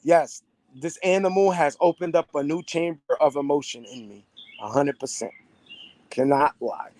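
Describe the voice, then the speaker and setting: A man's voice: on the high side, moderate pace, darkish tone, dry recording. A young man talking casually and profanely to his viewers, streetwise and repeating himself. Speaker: vlogger.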